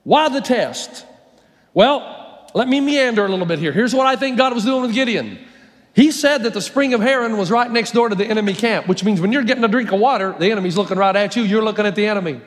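High-voiced preacher in a reverberant hall. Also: male voice, fast talker. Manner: storytelling, emphatic, varies his pace. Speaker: pastor. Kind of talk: sermon.

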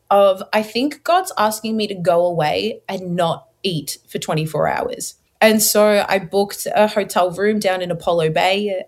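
A young woman, telling her personal faith story as an interview guest, lively and casual with many fillers, acting out her own past words. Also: medium pitch. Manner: animated storyteller, acts out her past self in quotes; casual filler-heavy speech. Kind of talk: personal testimony in conversation.

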